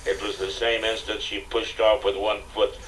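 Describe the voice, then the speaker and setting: An older man narrating an audiobook in a steady, dramatic storytelling manner, on a distant, hissy cassette recording. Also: on the low side, normal speed. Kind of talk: scripted narration.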